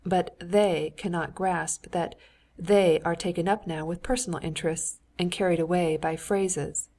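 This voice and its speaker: A woman reading the lines of a stiff, pedantic older statesman in an audiobook, slow and deliberate, as if lecturing. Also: fairly low pitch, fairly even intonation, mellow.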